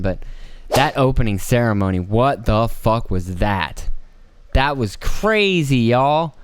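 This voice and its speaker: A man's voice: on the low side, clean tone, no echo. A man hosting a solo podcast from home, rambling in a profane, incredulous way. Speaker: podcast host. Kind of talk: casual solo monologue.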